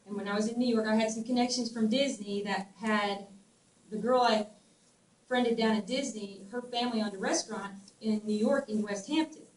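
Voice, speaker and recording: A middle-aged woman with a Southern US twang, telling stories in a casual, animated way, laughing often and restarting her sentences. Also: a little high, moderate pace. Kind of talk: casual storytelling. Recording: echoey room, distant mic, faint ambient noise.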